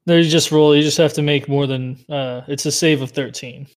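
A man's voice: a little high, fairly even intonation, normal speed, slight background noise. A man playing a tabletop game over an online voice call, casual and thinking aloud. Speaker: player.

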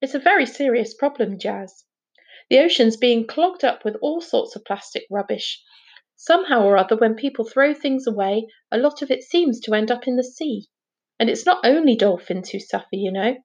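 A woman's voice: a little high, lively intonation, moderate pace, breathy edge, lo-fi sound. A woman voicing an absent-minded older male professor who lectures and drifts off mid-thought. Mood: explaining.

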